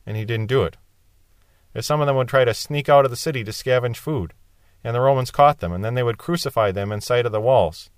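A man's voice: medium pitch, dry recording, clean studio sound. A man teaching a Bible passage verse by verse, explaining it plainly and lifting his voice to stress quoted lines. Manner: explanatory, rising in emphasis on quoted cries.

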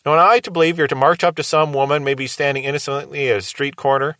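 A man's voice: mid-range voice, little pitch movement, fast talker, a bit bright, no echo. A man giving a radio Bible teaching in an earnest, reasoning way, posing rhetorical questions to his listeners.

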